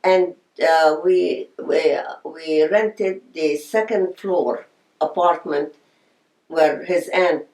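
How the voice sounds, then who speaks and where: A woman's voice: deep voice, drawn-out words, a little mellow. An older woman, telling her life story in an oral history interview. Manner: reminiscing, storytelling with quoted voices. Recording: echoey room.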